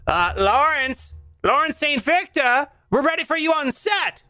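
A comedian doing a timid, high-voiced set assistant. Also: expressive, a little slow, pushed and bright, faint music behind, exaggerated voice. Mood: hesitant.

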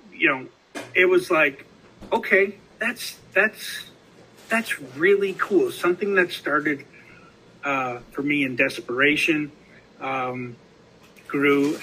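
A man with a bright, somewhat high voice hosts a casual podcast chat. He rambles through his stories with lots of restarts and fillers, and a faint hiss of noise sits under the recording. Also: low-quality recording. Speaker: podcast host.

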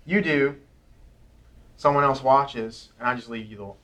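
A man leads a church group in an informal teaching session, his voice bright and forward. He talks earnestly and conversationally, walking listeners through ideas one step at a time at a moderate, even pitch. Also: a little slow.

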